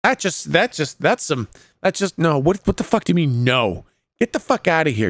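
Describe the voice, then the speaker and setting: A man streaming a game live, chatting casually to his chat, excitable and profane and laughing often. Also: on the high side, moderate pace, no echo, clean studio sound. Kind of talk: casual livestream commentary.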